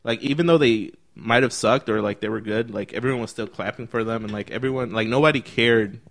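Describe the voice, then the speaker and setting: Casual young man, excitable storyteller, does everyone's voices, swears a lot, mid-pitched. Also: a little fast, gravelly. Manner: animated storyteller, acts out other people's lines, swears a lot. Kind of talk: casual chat.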